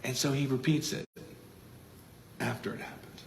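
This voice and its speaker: A man's voice: medium pitch, fairly even intonation, normal speed, creaky, slight background noise. A man preaching as pastor in a church, earnest and thinking aloud, often repeating words as he goes. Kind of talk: expository sermon. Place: church sanctuary. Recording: echoey church room.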